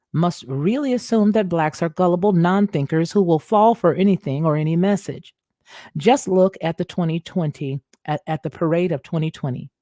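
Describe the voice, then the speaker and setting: A woman's voice: deep voice, warm tone, dry recording, clean studio sound. A woman hosting a commentary show, reading an article aloud and commenting on it in a conversational way. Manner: conversational, addresses viewers as y'all. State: feeling unwell, clearing throat.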